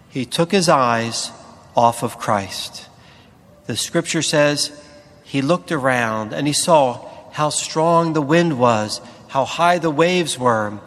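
Man preaching slowly in an echoing hall. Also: mid-range voice, fairly bright tone. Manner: slow, deliberate preaching with emphatic pauses. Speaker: priest. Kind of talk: sermon.

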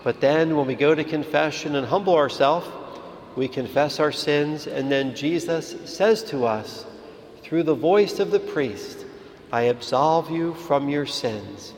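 A man, a priest, giving a calm, measured sermon in a church. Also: a little high, a little hiss or hum. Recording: reverberant hall with faint ambience.

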